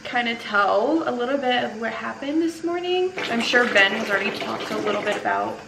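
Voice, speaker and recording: A young mother who has just woken up feeling unwell talks softly and tiredly to her camera. The mic sits at a distance in an echoey room. A clear bed of noise runs under her voice. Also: fairly high pitch, lively intonation, fairly quick. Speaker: vlogger mom. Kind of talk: casual home vlog chat. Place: family home, indoors.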